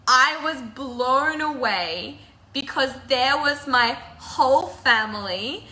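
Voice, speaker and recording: A chatty woman with a fairly high, bright voice talks casually on a live video. She keeps laughing through tears. The room around her echoes. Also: takes it slowly. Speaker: break-up counsellor and channel host.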